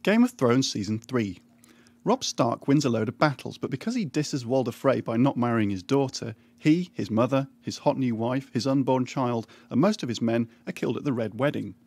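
A man reading a scripted comic recap, full of wry, irreverent deadpan asides. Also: medium pitch, moderate pace, husky, dry recording. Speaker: narrator. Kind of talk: scripted comedic recap narration.

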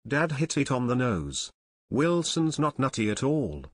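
A man's voice: mid-range voice, sing-song, unhurried, no echo, studio quality. A man voicing a level-headed, determined older teenage boy detective in a storybook reading, speaking firmly.

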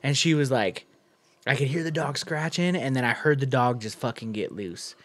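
Man, young adult, podcast co-host, casual chat, animated, profane, slangy, mid-pitched. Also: moderate pace. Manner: animated storyteller, heavy cursing and slang.

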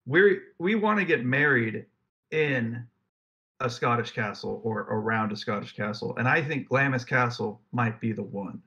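A man's voice: mid-range voice, animated, measured pace, bright, forceful tone. A young man co-hosting a casual podcast, reading facts aloud and riffing with jokes. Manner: rambling, jokey, reads facts aloud then riffs. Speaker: podcast co-host. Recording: dull lo-fi mic.

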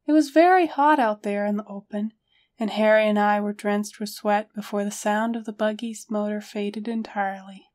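A woman reading a first-person story aloud as a narrator, steady storytelling. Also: mid-range voice, normal speed. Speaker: audiobook narrator.

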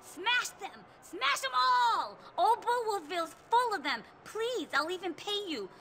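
A shrill, very high game character, a furious lady ranting at garden gnomes with indignant swoops and bright, sharp edges. Her voice leaps all over the place as she fumes. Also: very animated, measured pace, a little hiss or hum, heavily acted. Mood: outraged. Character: irate woman outraged by garden gnomes. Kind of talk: video game voice acting.

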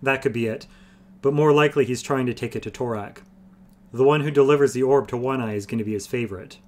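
A man's voice: medium pitch, fast, close to an everyday voice. A man reading an ancient wry old sorcerer. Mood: wry explaining. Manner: dry, bland, patient explaining.

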